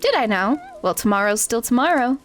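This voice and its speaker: A woman's voice: fairly high pitch, sing-song, brisk, faint music behind. A woman reading the lines of a scrappy, cheeky male street-raised critter from a cozy game.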